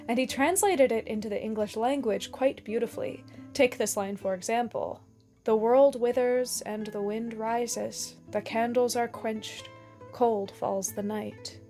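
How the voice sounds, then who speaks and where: A woman narrating a scripted video essay in a measured, explanatory way, with dramatic emphasis on key lines. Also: a little high, a little mellow.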